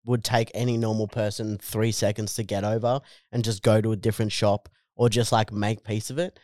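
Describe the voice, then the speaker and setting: A man's voice: lowish voice, level tone, brisk, a little mellow, no room sound, studio quality. An Australian man co-hosting a comedy podcast, swearing a lot and saying "dude" constantly as he laughs easily. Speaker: podcast co-host, stand-up comedian. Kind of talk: casual chat.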